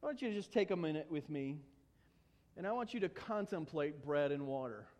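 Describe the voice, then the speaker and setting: A pastor preaches a sermon in a high, earnest voice. He stumbles through repeated words and drops humorous asides. His voice carries a long hall reverb in the church. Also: expressive, fairly quick, a little mellow.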